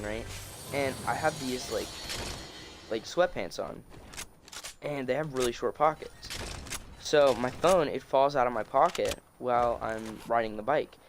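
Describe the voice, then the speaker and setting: A young man tells a story casually into his phone, rambling and restarting his sentences as he goes. His voice sits at an ordinary pitch for a man. Clear clicking noises run under the recording. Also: slight background noise. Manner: rambling, many restarts and fillers. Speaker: storytelling vlogger. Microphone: phone screen recording.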